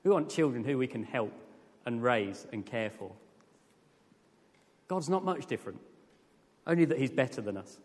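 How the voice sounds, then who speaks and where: A man preaching a sermon with earnest, lively emphasis that rises to emphatic peaks. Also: medium pitch, moderate pace, pauses often. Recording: long hall reverb.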